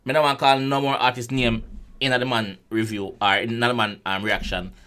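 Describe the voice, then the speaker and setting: Excitable Jamaican man with a very bright voice. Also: mid-range voice, normal speed, clean tone. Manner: excitable, repeats words and restarts often. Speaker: music reaction host. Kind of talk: casual reaction commentary.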